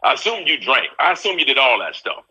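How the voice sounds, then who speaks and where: A man's voice: mid-range voice, quick pace, husky, poor audio. A middle-aged man chatting as a guest on a live video call, telling stories with laughter. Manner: animated, laughing storyteller. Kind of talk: casual chat.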